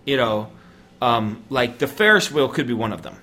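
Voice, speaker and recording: A man's voice: mid-range voice, lively intonation, normal speed, sharp tone. A man from the United States co-hosting a podcast, chatting casually and joking with frequent laughs. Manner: joking, laughs often, rambling. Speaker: podcast co-host.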